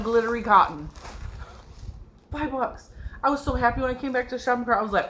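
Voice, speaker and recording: A middle-aged woman with a nasal, stuffed-up voice excitedly showing off her yarn haul in a casual video, gushing and laughing often. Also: a little high, a little fast, pauses often, slight background noise, low-quality recording. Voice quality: nasal from a cold. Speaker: yarn and crochet vlogger. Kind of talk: excited casual show-and-tell.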